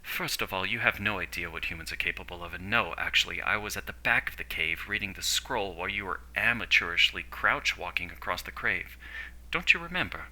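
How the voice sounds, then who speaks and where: A man's voice: low-pitched, lively intonation, normal speed, sharp tone, exaggerated voice, poor audio. A man voicing an older woman who leads a team, speaking with cool disdain. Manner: disdainful, dry.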